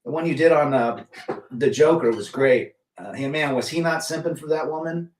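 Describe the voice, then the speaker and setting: A middle-aged livestream host with a somewhat high voice speaks at a moderate pace while reading chat. On this casual stream he greets viewers by name and states his opinions bluntly. Recorded with a distant microphone, the audio carries a roomy echo.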